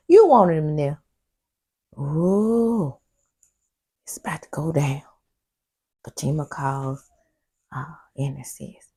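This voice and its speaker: A woman's voice: low voice, animated, slow, vocal fry, pauses often, mellow, slightly rough. A woman doing a casual TV recap vlog, sassy and talking back at the characters, with personal side stories. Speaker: TV recap host.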